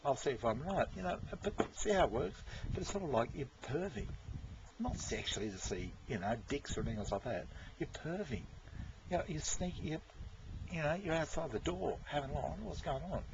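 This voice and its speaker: A man's voice: on the high side, sing-song, fairly quick, creaky. Rambling man vlogging, dull lo-fi sound. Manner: rambling, repeats himself, swears, chuckles. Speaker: vlogger talking to viewers. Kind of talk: casual rambling monologue. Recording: dull lo-fi with faint noise.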